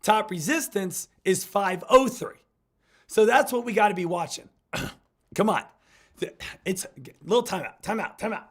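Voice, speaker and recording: A hoarse man, getting over an illness, giving hyped, repetitive live market commentary as a stock trading streamer. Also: high voice, moderate pace, pauses often, fairly bright tone.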